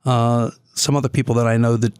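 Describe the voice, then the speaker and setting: A man of ordinary pitch hosts a business podcast, asking casual questions and often restarting his phrases. His voice is recorded close and dry. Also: little pitch movement, brisk, darkish tone, clear, resonant tone, no room sound.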